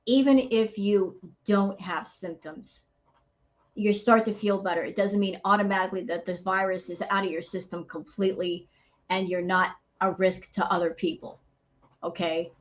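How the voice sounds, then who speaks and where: A woman's voice: medium pitch, fairly even intonation, normal speed. Fired-up woman ranting on a lo-fi mic. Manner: fired up, ranting, addresses viewers as y'all. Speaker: reaction channel host. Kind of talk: heated commentary.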